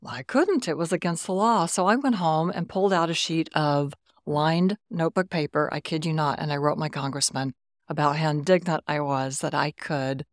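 Woman, 60s, from Texas, low voice, dry close sound, storytelling guest. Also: moderate pace, no room sound. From Texas, USA. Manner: warm, animated anecdotes with quoted dialogue. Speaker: guest, retired Air Force officer. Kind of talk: conversational storytelling.

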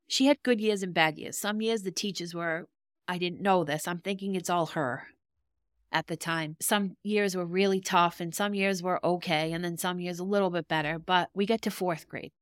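A middle-aged woman hosts her podcast and tells a personal story in a candid, rambling way that turns emotional. Her voice sits fairly low, and it is picked up close and dry with no room sound around it. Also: no room sound. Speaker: podcast host.

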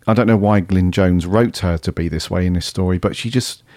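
A man with a very deep voice chats casually as a podcast co-host. He is easygoing and hesitant, full of ums, and sounds close and dry with no room around him. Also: brisk, darkish tone, dry recording.

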